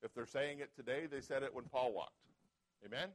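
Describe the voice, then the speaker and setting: A man preaching a sermon as pastor, reading scripture aloud and calling out "Amen?" to the congregation, swinging between quiet asides and loud emphatic passages. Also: mid-range voice, brisk, rough recording.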